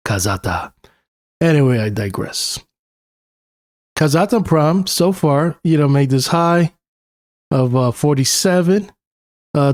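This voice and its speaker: A man's voice: fairly high pitch, darkish tone, no room sound, studio quality. Casual New York guy walking through charts. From New York City. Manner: casual, thinking aloud with fillers. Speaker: technical analyst. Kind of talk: screen-share chart analysis.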